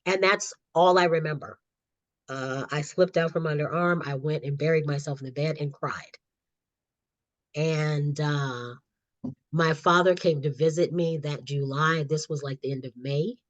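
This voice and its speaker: A middle-aged woman, a guest author and counselor, tells her own story with animation in a podcast interview, laughing often. Her voice is low and a little slow, with no room sound. The audio is lo-fi and slightly dull.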